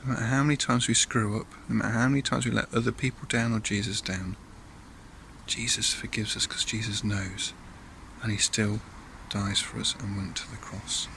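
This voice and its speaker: A man's voice: fairly low pitch, level tone, normal speed, creaky, pushed and bright, slight background noise. A man leading a church all-age talk, telling a Bible story in a chatty way with asides to listeners and acted voices.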